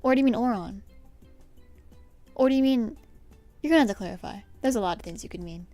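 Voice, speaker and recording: A young woman livestreaming from her desk at home, chatting casually with her viewers, giggling often and sometimes dropping to a soft whisper. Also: fairly high pitch, fast talker. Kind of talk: casual chat answering a live chat. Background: faint stream music.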